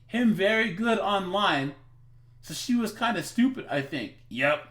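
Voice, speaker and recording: A man's voice: high-pitched, unhurried. A man giving chatty livestream commentary as he reacts to a video, often calling out to his viewers. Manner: animated, chatty, addresses viewers as guys.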